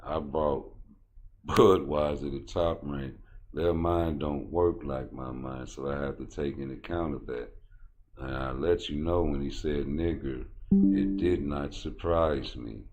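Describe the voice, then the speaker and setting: A man rants about boxing in a rambling, blunt, profane style. His voice is very low and heavy. He talks casually, as if speaking straight to his viewers. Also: darkish tone, slight background noise. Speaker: boxing commentator. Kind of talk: casual commentary rant.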